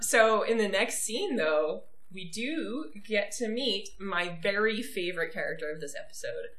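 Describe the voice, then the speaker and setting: A woman hosting a podcast in casual chat, enthusiastic and quick to laugh. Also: mid-range voice, expressive, fairly bright tone, reverberant. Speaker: podcast host.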